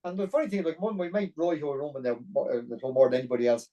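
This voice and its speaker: Podcast guest: middle-aged man, rapid, warm-toned, earnest and blunt, sitting back from the mic. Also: a little high, steady tone, far from the mic, poor audio. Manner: blunt and earnest, peppered with "like" and "you know". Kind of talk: personal storytelling interview.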